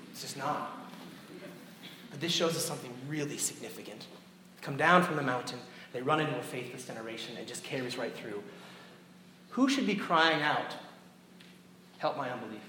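A man preaching a sermon, lively and dramatic, acting out quotes and correcting himself as he goes. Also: on the high side. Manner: animated, acts out quotes, self-correcting. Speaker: pastor. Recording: echoey hall, distant mic, faint noise.

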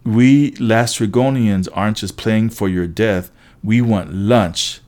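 A man voicing a hulking, hungry giant who talks with slow, gloating menace. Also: lowish voice, a little mellow.

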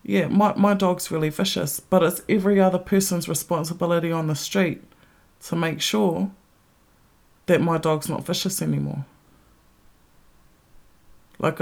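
A woman's voice: sits low, fairly even intonation, moderate pace, creaky, a little mellow. A middle-aged woman hosting a podcast, ranting bluntly with heavy swearing and strong emphasis. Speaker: podcast host. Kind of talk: casual ranting monologue.

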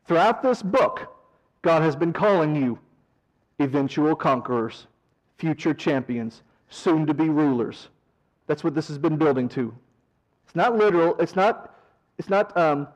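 Man, Bible teacher, high voice, animated, sarcastic mockery, verse-by-verse study. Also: poor audio. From American South. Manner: animated, swings from loud emphasis to quiet asides; mocks mourners in a whiny voice.

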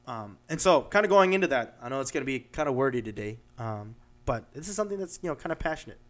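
A man co-hosting a podcast in a loose, casual chat. He rambles, restarts sentences and leans on fillers as he talks an idea through with examples. His pitch sits in an ordinary middle range. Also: animated, fast. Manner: explains with examples. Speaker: podcast co-host.

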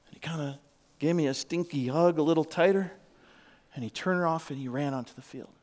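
A man's voice: a little high, a little fast, a little mellow. A middle-aged man giving a sermon as a pastor, telling a heartfelt story and sometimes dropping to a whisper. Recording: long reverb of a large hall.

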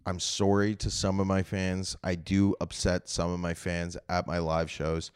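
A man's voice: sits low, monotone, measured pace, smooth, dry recording, studio quality. A young man from Canada hosting a comedy podcast, talking in a blunt, profane, joking way. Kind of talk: casual podcast chat.

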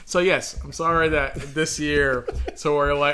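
A man's voice: fairly high pitch, brisk, few pauses, bright, forceful tone. A man co-hosting a sports podcast, teasing his partner while breaking down stats. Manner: teasing, analytical banter. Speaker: podcast co-host. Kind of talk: casual sports chat.

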